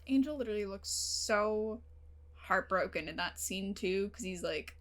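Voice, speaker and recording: A woman's voice: mid-range voice, measured pace. A young woman hosting her own channel, talking casually and emotionally to the camera, full of fillers and the odd swear word. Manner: emotional, animated, heavy use of fillers and swearing. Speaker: reaction channel host. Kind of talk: casual talk to camera about a TV episode.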